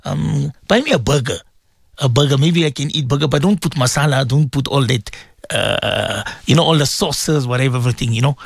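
A man's voice: medium pitch, brisk, gravelly, slightly rough, no echo. A middle-aged man, hosting a radio show in an emotional, rambling monologue that he speaks straight to his co-host and his listeners.

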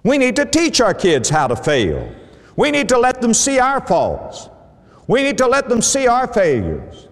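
A man's voice: very high-pitched, wildly swooping pitch, a little slow. A middle-aged man preaching a sermon with an emphatic, repetitive cadence. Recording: hall reverb.

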